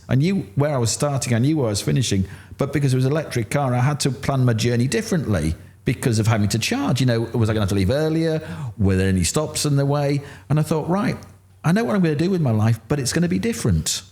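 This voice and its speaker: A middle-aged man with a Yorkshire accent, telling his story candidly in an interview and acting out what others said. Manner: animated, acts out quotes with rising pitch. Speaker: interview guest.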